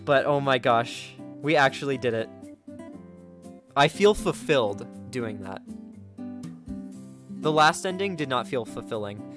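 A man giving let's play commentary as a gaming video creator, excitable, gasping and chatting to his viewers. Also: medium pitch, unhurried, long pauses, over music.

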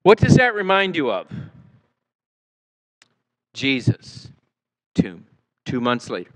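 A male pastor preaching a sermon in a church, acting out quotes and swinging between loud and soft. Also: medium pitch, wildly swooping pitch, slow pace, rough recording. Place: church sanctuary.

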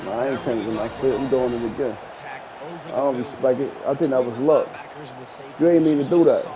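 A man streaming a football video game, trash-talking loudly and boastfully with plenty of profanity. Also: mid-range voice, fairly even intonation, brisk, a loud crowd, rough recording. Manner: boastful, profane, loud, laughs a lot. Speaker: gaming streamer. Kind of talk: loud trash-talking gameplay commentary.

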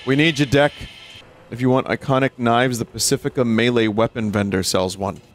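A man's voice: medium pitch, steady tone, moderate pace, over music. A man in his thirties giving casual, joking gameplay commentary to his chat, often swearing. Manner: joking, profane, talks to chat. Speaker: streamer.

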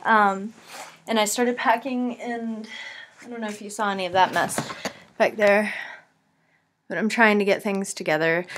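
A woman's voice: mid-range voice, a bit bright, a little hiss or hum. A woman in her twenties from the East Coast of the United States, chatting to her camera at home in a rambling way full of "like" and "um". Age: 20s. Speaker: vlogger. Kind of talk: casual chat to camera.

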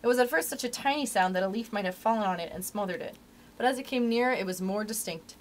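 A young adult woman, a librarian, reading a story aloud to children in an expressive, animated way. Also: medium pitch, fast, slight background noise.

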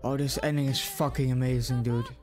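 A young man swearing freely as he reacts casually to an anime opening and ending, loud and excited at times, hushed and quiet when moved. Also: medium pitch, fairly quick. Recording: faint music playing behind. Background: anime music playing.

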